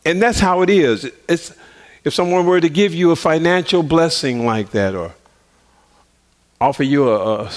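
A man preaching on the radio, telling personal stories in an animated way and often laughing. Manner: animated, laughs often, swings pitch widely.

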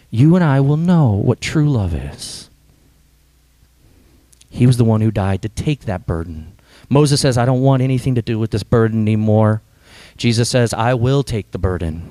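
Earnest male preacher with a dark tone. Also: medium pitch, no echo. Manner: earnest, emphatic preaching with dramatic pauses. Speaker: pastor. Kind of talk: sermon.

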